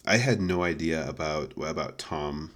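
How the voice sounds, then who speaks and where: A man's voice: very deep voice, a little slow, a bit bright. A man co-hosting a podcast, chatting casually in an amused, playfully mock-earnest way. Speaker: podcast co-host. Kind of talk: casual chat.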